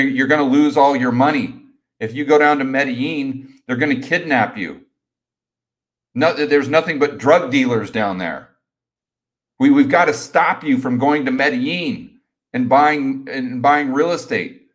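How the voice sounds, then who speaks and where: A man's voice: medium pitch, close to an everyday voice. A fretful relative pleading earnestly at an intervention, as a man puts him on. The voice stays close to the man's natural speech, with anxious, repeated words. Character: worried family member staging an intervention.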